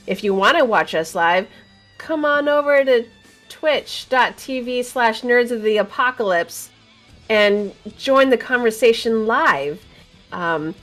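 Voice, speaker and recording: A woman's voice: a little high, a bit bright. A woman co-hosting a casual gaming talk show, chatty and teasing, laughing often. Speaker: podcast co-host.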